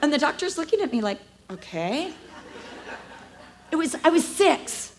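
A woman in her fifties giving a conversational sermon at church, telling emotional stories with lively swings from hushed to animated. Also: sits high, fast talker, a little hiss or hum, poor audio. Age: 50s. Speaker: speaker at a church.

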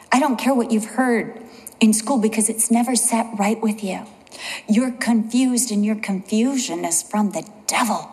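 A woman delivers a sermon, moving between earnest storytelling and slow, lowered emphasis on key words. Her mid-pitched voice carries a long reverb, as if spoken in a large church hall. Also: darkish tone. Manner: earnest storytelling, slows and drops low for emphasis. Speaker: preacher.

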